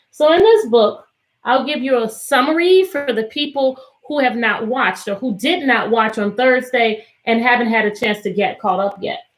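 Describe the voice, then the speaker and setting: A cheerful woman teacher from Virginia talks to children on a video call. Her voice sits a little high, and she greets each kid by name with bright encouragement. Now and then she half-sings a question to the group. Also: poor audio. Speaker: teacher and tutor hosting an online read-aloud. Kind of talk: live online reading session with children.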